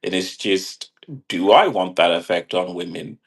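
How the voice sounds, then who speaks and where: A man's voice: sits low, unhurried, vocal fry. A man rambling casually in a monologue, swearing and laughing at his own jokes. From half British. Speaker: vlogger.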